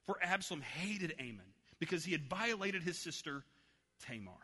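A man's voice: a little high, lively intonation, moderate pace, bright, forceful tone, slightly rough. A man preaching a sermon, telling a story and acting out its voices. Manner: storytelling, acts out voices in anecdotes. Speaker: pastor. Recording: long hall reverb.

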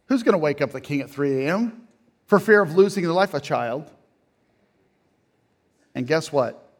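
A middle-aged man, a pastor, preaching a sermon that swings from quiet, low phrases to loud, emphatic peaks. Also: lively intonation, moderate pace.

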